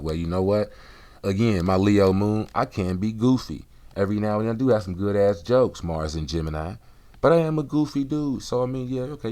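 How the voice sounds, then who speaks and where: Male vlog host, deep voice, rambling slangy monologue. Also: a little mellow, dry recording. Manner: rambling, profane, streetwise slang. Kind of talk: casual spiritual monologue.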